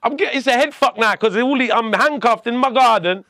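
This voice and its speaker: A man tells a story from his own life as a podcast guest. His voice has a gravelly, fried edge and a bright, forceful tone. The sound is close and dry. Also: extremely high pitch, a little fast, no room sound. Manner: animated, blunt storytelling with frequent restarts. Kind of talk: telling a personal story in conversation.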